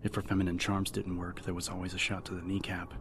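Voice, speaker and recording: A man narrating a horror story in a steady, even audiobook style. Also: low-pitched, quick pace. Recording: music bed under the narration.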